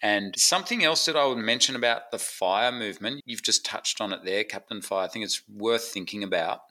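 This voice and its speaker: A man's voice: lowish voice, a little fast, low-quality recording. A middle-aged Australian man telling stories casually on a podcast, acting out the dialogue as he goes. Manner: animated storyteller acting out dialogue. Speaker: guest business educator.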